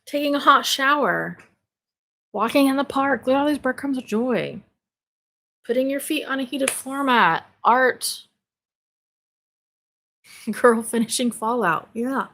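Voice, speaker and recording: Chatting casually from her home office, a woman hosting a spirituality live stream reads viewer comments out loud. She's bubbly and exclamatory, swears casually and laughs often, in a fairly bright voice that leans high.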